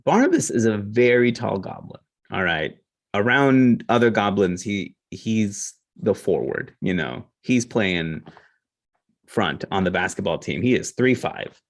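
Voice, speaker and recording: A man playing a tabletop game, joking in a deadpan way. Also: fairly low pitch, unhurried. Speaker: player.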